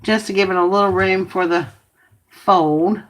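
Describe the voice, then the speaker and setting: A woman's voice: mid-range voice, steady tone, normal speed. A woman hosting a casual craft video, chatting to viewers and muttering to herself as she works. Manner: chatty, talks to herself while working, grumbles.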